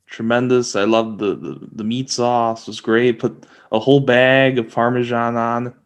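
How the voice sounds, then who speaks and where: A man's voice: mid-range voice, steady tone, unhurried. A young man co-hosting a podcast in casual chat, speaking in a laid-back, mild way and often restarting his sentences. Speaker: podcast co-host.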